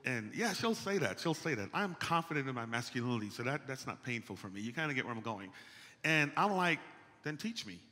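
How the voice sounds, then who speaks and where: A man's voice: medium pitch, a little fast. A man preaching a playful, conversational sermon, calling out to the congregation. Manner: animated, playful, calls out to the congregation. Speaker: pastor. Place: church sanctuary. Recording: long church hall reverb.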